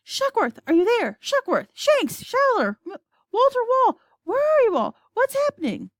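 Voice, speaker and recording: A woman voicing a blustering, excitable male president who shouts and snaps. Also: high-pitched, dry recording, studio quality, voice pushed up. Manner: loud, shouting, quick-tempered.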